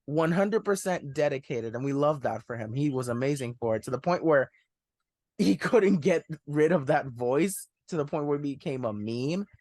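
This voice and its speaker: A man's voice: a little high, animated, moderate pace, darkish tone, no room sound, studio quality. A young man hosting a film review podcast, chatting casually and enthusiastically, often laughing while he talks. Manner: enthusiastic, laughs while talking, says "one hundred percent". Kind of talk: casual movie review chat.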